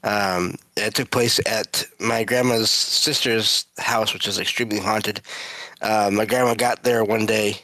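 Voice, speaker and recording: Low-voiced man telling a family story. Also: fairly even intonation, unhurried, sharp tone, dry recording, rough recording. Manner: storytelling with many fillers.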